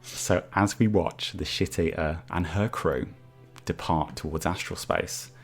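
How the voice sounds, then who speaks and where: A man's voice: deep voice, steady tone, unhurried, vocal fry, breathy edge, soft background music. A man narrating as game master of a tabletop game, with hesitant, filler-heavy description.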